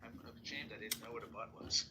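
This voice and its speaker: A man co-hosting a podcast in casual chat, joking and firing off quick questions. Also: mid-range voice, fairly even intonation, noisy background.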